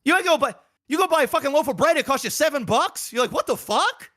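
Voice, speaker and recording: Casting: high, bright, animated man, profane podcast ranter. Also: fast talker. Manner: profane, heated, repetitive. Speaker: podcast co-host. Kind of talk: ranting casual chat.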